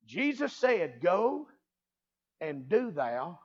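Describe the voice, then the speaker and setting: Man, revival preacher, very high voice, muffled lo-fi sound. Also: fairly quick. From American South. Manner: builds from quiet storytelling to fervent preaching. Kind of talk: revival sermon storytelling. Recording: muffled lo-fi recording.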